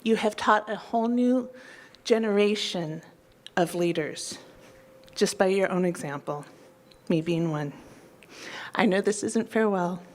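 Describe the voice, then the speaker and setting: Woman speaking at a council meeting, heartfelt and close to tears, warm public tribute. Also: mid-range voice. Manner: tearful, heartfelt, slowing down. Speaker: public commenter. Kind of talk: emotional tribute speech. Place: council chamber.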